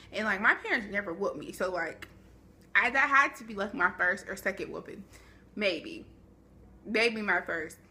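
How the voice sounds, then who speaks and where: A young woman vlogging a storytime, animated and chatty with dramatic asides, speaking to a camera at home. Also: medium pitch, a little hiss or hum. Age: young adult. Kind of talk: storytime vlog.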